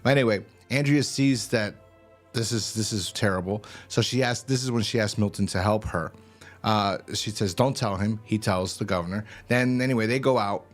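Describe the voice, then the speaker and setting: Man, lowish voice, casual TV recap, rambling, swears a lot. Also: normal speed, soft background music. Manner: rambling, profane, full of fillers and restarts. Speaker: TV episode reviewer.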